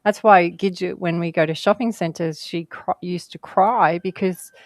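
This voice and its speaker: A woman's voice: lowish voice, steady tone, measured pace, dry recording. A woman guest telling stories in casual conversation, chatty and rambling, laughing often.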